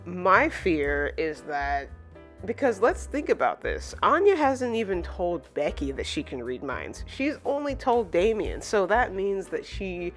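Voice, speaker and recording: A woman recaps and reviews a manga chapter in easy, casual talk. Her voice sits a little low for a woman, and she strings her sentences along with loose, chatty fillers. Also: very animated, unhurried, faint music behind. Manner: chatty, full of "like" and "you know" fillers.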